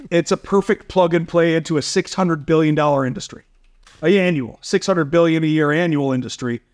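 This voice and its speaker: A man, a startup founder, chatting on a podcast as a guest and telling animated stories with frequent laughs. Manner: animated storyteller, quick jumps in pitch, laughs often. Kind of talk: casual podcast chat.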